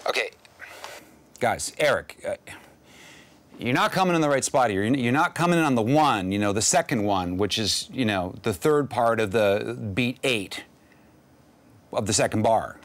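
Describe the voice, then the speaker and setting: A man with a mid-pitched, lively voice scolds and explains with patience. He keeps pointing out where the others went wrong. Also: normal speed, pauses often. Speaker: producer in a comedy skit.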